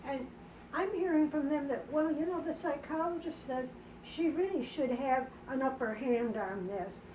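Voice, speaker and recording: A woman's voice: high voice, moderate pace, dark tone. A woman in casual conversation, earnestly rambling through a memory about her daughter's school years. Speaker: mother telling of her daughter. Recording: roomy, distant, faint background noise.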